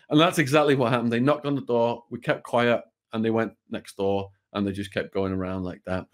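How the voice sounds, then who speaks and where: A man's voice: mid-range voice, fairly quick. A British man, a guest on an interview show, telling a true story in a vivid, blunt way with the odd swear word.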